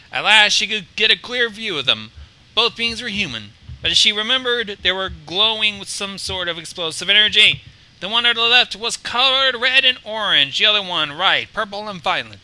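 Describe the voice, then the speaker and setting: A man reading his own fan story aloud on a livestream, animated, with stumbles and restarts. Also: high-pitched, low-quality recording. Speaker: fan fiction reader and stream host.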